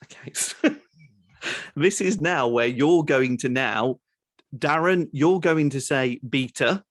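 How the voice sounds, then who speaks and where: A man hosting a comedy podcast, talking quickly and excitedly and laughing often. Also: mid-range voice, no echo, clean studio sound. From United Kingdom. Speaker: podcast host. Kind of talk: casual comedy chat.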